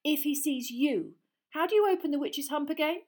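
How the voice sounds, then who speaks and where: A woman voicing a brisk, decisive teenage girl, as in an audiobook. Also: high voice, animated, a little mellow, pitched above the performer's own voice.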